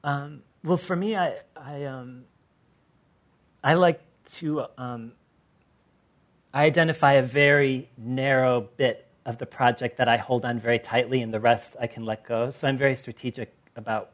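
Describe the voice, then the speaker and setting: An American man with a mid-range voice speaks on a panel discussion. He is an artist recounting his projects, and he tells his stories in an animated way, slipping into the voices of the people he quotes. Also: medium pitch, moderate pace. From Los Angeles. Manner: animated storyteller who acts out quoted people.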